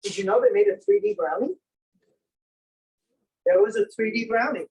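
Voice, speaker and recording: A man's voice: sits high, animated, normal speed, a little mellow, far from the mic, low-quality recording. A man giving a playful, jokey show-and-tell presentation on old inventions to an audience. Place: senior center room.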